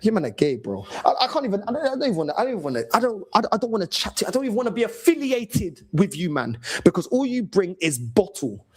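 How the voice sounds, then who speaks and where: A man's voice: sits high, big pitch swings, fast, few pauses, breathy edge, poor audio. A man in his thirties with a London accent, ranting and swearing as host of a fan call-in show, mocking other fans. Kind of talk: angry fan rant.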